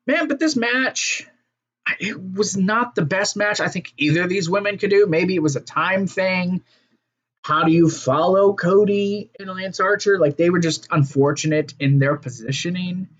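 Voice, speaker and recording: A man gives a casual solo review of a wrestling show, rambling, swearing freely, and trailing off into fillers and restarts. His high-pitched voice has a fairly bright tone, and the highs in the audio are cut off.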